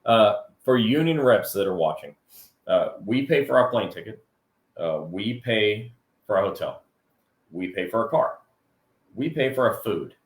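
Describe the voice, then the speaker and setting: A man's voice: on the low side, unhurried, pauses often, reverberant. Chatty man hosting a live stream. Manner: animated, chatty, jokey asides. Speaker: co-host of a live workers' comp chat show. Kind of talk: casual live-stream chat.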